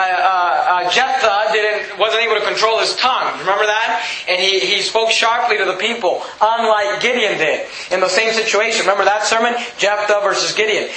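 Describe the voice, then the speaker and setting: A pastor teaching a sermon like a Bible study, reading scripture aloud and restating it casually with frequent check-ins. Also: male voice, high voice, bright, forceful tone. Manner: reads scripture aloud, then restates it conversationally with frequent "okay?". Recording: echoey room, faint background noise.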